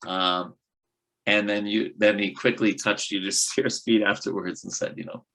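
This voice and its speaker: Bright-voiced man teaching scripture. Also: fairly low pitch, normal speed, poor audio. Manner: lively, conversational, with fillers. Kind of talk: classroom lecture with storytelling. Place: temple class room.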